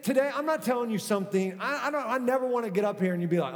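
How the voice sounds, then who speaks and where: Casting: middle-aged man, pastor, lively conversational sermon, higher-pitched voice, reverb of a big hall. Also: fast talker, hardly any pauses. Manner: conversational, animated preaching with acted-out quotes.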